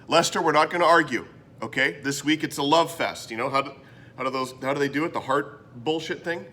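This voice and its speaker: A man's voice: on the high side, a little fast. Sarcastic man hosting a web show. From Canada. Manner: sarcastic, rambling, swings between mutters and loud bursts. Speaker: comedy web show host. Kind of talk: scripted comedic monologue to camera.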